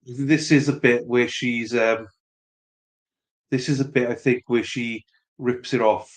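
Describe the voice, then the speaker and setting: A woman's voice: extremely low pitch, fairly even intonation, unhurried. A woman chatting casually on a stream while minding a toddler, distracted and soothing as she narrates what is happening. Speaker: parent streamer.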